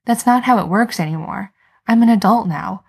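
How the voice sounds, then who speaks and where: A woman's voice: medium pitch, normal speed, gravelly, husky. A woman reading as a flustered young man. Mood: defensive. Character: sheepish young adult man, flustered and self-deprecating. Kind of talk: fan fiction read aloud.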